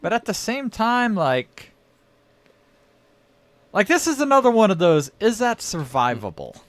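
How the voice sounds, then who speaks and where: A man's voice: high-pitched, very animated, unhurried, fairly bright tone, no echo. A man on a podcast chiming in with short, wry comments during a casual chat. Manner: wry interjections. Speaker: podcast co-host.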